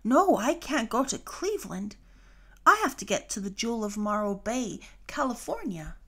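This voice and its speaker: A woman voicing a forgetful, eager young female fish in a storybook read-along, pitched high and pleading. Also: big pitch swings, moderate pace, a bit bright. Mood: excited.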